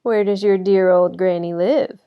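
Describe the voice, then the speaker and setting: A sly, hungry wolf purrs his lines slowly in a low, silky voice, as a woman reads him. A gravelly texture runs underneath, and the storybook recording is slightly dull. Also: steady tone.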